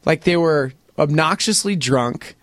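A man in his forties, with a slightly high voice and a slightly slow pace, chats casually as an animated storyteller, imitating other people's voices and saying "dude" often. The studio-quality recording has no room sound.

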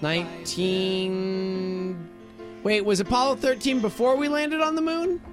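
A man's voice: very high voice, lively intonation, fairly quick, faint music behind. A man hosting a morning radio show, joking around and telling rambling anecdotes during a trivia segment. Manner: playful, jokey, rambling anecdotes.

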